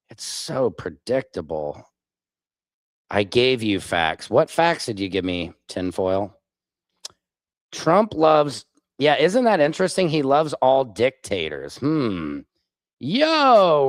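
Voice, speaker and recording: A livestream host with a medium-pitched male voice reads chat comments aloud and fires back at them sarcastically and combatively. The recording is dry.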